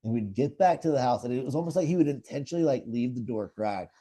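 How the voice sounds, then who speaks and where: Dark-voiced man telling casual stories. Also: medium pitch, animated, fast, breathy edge. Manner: laid-back storytelling with many fillers. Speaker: podcast co-host. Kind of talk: casual chat.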